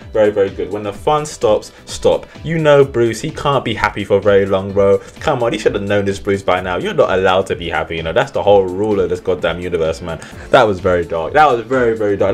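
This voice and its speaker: A young man recapping a film in casual, rambling commentary, swearing and mocking himself. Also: medium pitch. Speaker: movie reviewer.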